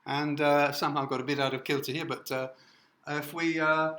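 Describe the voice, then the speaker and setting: A man from the north of England giving a classroom lecture, halting with many fillers and often asking "okay?". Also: a little high, little pitch movement, reverberant, very noisy. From Newcastle, north of England. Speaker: university lecturer.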